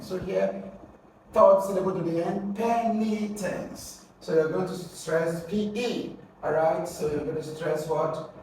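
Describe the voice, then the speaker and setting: A man teaching an exam-prep lesson, drilling syllables slowly and asking his students rhetorical questions. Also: sits high, a little mellow, a little hiss or hum. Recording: very echoey room, mic at a distance.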